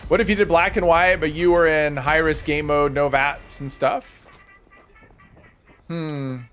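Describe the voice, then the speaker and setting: Chatty man streaming a game, higher voice. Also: steady tone, measured pace, a bit bright, slight background noise. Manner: chatty, rambling, self-deprecating, answers viewer comments. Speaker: gaming livestreamer. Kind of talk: casual livestream commentary while playing.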